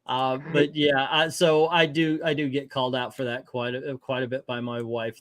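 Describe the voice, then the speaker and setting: A man's voice: mid-range voice, flat delivery, moderate pace, few pauses, a bit bright, dry recording. A middle-aged man hosting a casual movie chat, joking, rambling and emphatic. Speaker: host.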